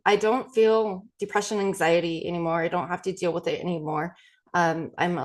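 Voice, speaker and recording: Woman, podcast host and coach, calm self-guided tapping, repeated affirmations, hesitant fillers. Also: lowish voice. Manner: gentle, repeats affirmations slowly with many ums.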